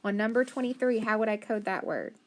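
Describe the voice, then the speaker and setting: A woman teacher giving a phonics lesson, sounding out words slowly syllable by syllable and praising often. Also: on the high side, fairly even intonation, slight background noise.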